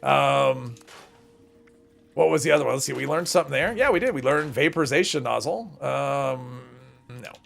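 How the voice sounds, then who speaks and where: A man's voice: mid-range voice, lively intonation, normal speed, gravelly, a bit bright, soft background music. A man streaming a game, rambling casually and chatting with viewers as he plays. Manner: rambling, chats with viewers while playing. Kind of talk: casual gameplay commentary.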